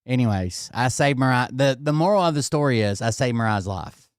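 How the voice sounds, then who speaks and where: A man in the middle of an animated, expletive-laden story, talking straight at the camera in a plain, unremarkable register. His voice sits close and dry, with no room sound around it. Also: medium pitch, a little fast, clean tone, no echo. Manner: animated and heavily profane, with laughter. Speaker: vlogger telling a home story. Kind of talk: casual storytelling.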